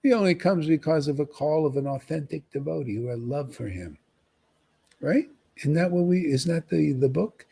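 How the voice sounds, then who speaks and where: A man preaching on a livestream in an emphatic, animated way, often tossing in "man.". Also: a little high, moderate pace, vocal fry, breathy edge. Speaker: spiritual teacher.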